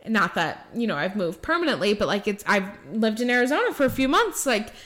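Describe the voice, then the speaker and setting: A woman's voice: medium pitch, big pitch swings, a little fast, a bit bright. A young woman from Michigan hosting a podcast in casual chat, bubbly and laughing often, with lots of "like" in her speech. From Michigan, USA. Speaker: podcast host.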